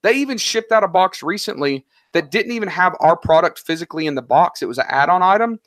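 Animated, slangy man telling stories. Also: high-pitched, fast, no echo, studio quality. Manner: animated, story-driven, slangy. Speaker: guest, online seller. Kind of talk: casual interview talk.

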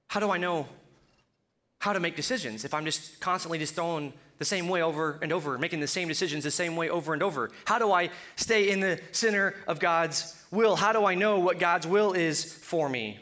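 Bright-voiced joking male preacher. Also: sits high, fairly quick. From Colorado. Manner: joking, conversational preaching with asides. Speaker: pastor. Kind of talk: sermon.

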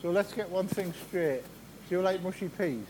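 A man, talking fast in a chatty, joking way as a guest preacher at a church carol service. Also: high voice, noisy background. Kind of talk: sermon-style personal testimony. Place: church carol service before a live congregation. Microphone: handheld microphone.

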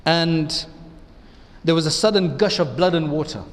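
A man's voice: fairly high pitch, moderate pace, in a large hall. A man, an imam, giving an Islamic lecture in a conversational way, often asking his listeners rhetorical questions.

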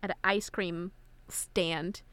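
A woman's voice: fairly low pitch, steady tone, takes it slowly, a bit bright, smooth, no room sound. A woman co-hosting a podcast, gushing enthusiastically over a movie and giggling often. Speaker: podcast co-host. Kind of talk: casual movie discussion.

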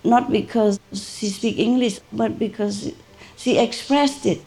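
A woman, a spiritual teacher, telling a story to her disciples in an animated, informal way, laughing often. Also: on the high side, slow, faint music behind.

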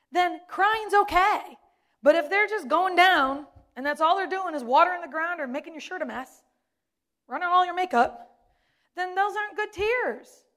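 A woman's voice: high-pitched, a bit bright. A woman, a pastor's wife, preaching a sermon with emphatic delivery and repeated key words.

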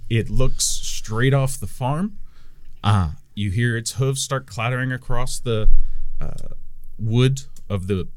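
A man, narrating a tabletop game as game master in a relaxed, offhand way. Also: medium pitch, takes it slowly, no room sound. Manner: relaxed, offhand scene-setting.

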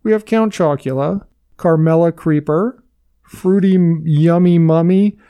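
Man, podcast co-host, slightly higher pitch, chatty and upbeat. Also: unhurried, clean tone, lo-fi sound. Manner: enthusiastic, chatty, leads the segments. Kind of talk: casual chat.

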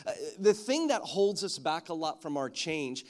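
A man with an Australian-tinged accent preaching a sermon, telling stories in an animated way and often restarting his sentences. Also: on the high side, normal speed. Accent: Australian-tinged English. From Philippines. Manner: storytelling, animated, repeats words when starting sentences. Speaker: pastor.

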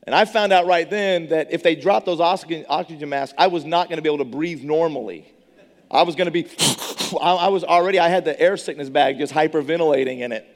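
A middle-aged man preaching a testimony sermon, an animated storyteller who stammers and repeats words. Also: a little high, fairly quick. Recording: long reverb of a large hall.

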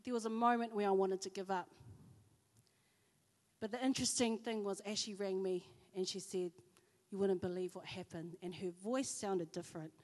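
A woman's voice: medium pitch, normal speed. A woman giving a chatty church sermon, telling personal stories with lots of fillers. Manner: chatty, animated storytelling with fillers. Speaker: church speaker. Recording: hall reverb.

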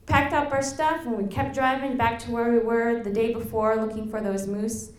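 A young woman from Alaska telling a lively personal story to an audience, laughing and acting out the quotes. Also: on the high side, normal speed. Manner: animated, laughing, acts out quotes. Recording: echoey room.

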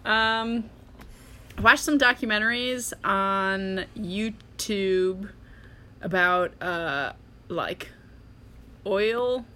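A woman's voice: medium pitch, drawn-out words, pauses often, pushed and bright. A woman in a casual podcast chat, rambling through what she has been reading and watching, with laughter and dry sarcastic asides. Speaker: podcast co-host.

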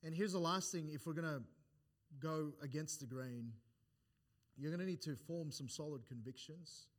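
Speaking at a moderate speed with a fairly high-pitched voice, a male pastor gives a sermon in church. His emphasis rises as he builds each point, he frequently restarts and repeats words between them, and he quotes scripture in old-fashioned phrasing.

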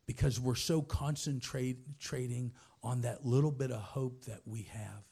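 Gravelly older male preacher. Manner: swings from soft and low to loud high-pitched exclamations. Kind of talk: sermon with storytelling.

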